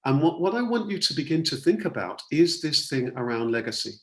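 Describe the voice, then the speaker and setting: A man's voice: on the high side, very animated, a little fast, echoey room. A man, a coach and speaker, leading an online masterclass and repeating key words earnestly for emphasis. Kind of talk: online workshop talk.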